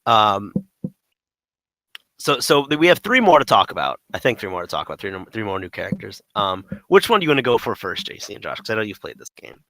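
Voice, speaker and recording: A man's voice: fairly low pitch, sing-song, fast talker, sharp tone, dry recording, low-quality recording. A man co-hosting a casual gaming podcast, rambling with lots of "like" and "um". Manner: rambling, full of "like" and "um". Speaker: podcast co-host.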